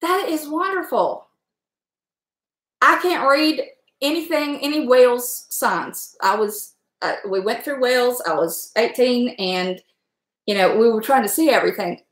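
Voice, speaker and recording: A woman's voice: a little high, animated, echoey room. A middle-aged woman from Southwestern Virginia with a Southern accent, chatting casually with her livestream viewers and laughing often. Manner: chatty, rambling, quick to laugh. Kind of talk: casual chat.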